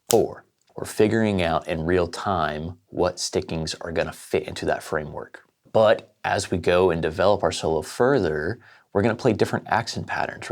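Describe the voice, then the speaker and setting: Gravelly low-voiced drum teacher. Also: male voice. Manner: explains step by step, counts aloud. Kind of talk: casual lesson.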